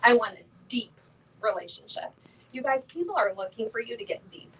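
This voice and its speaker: A woman's voice: a little high, expressive, fairly quick, fairly bright tone, far from the mic, a little hiss or hum, poor audio. A middle-aged woman giving a motivational talk to a live audience from a stage, chatty and playful, full of fillers and laughing asides. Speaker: motivational speaker at a sales event.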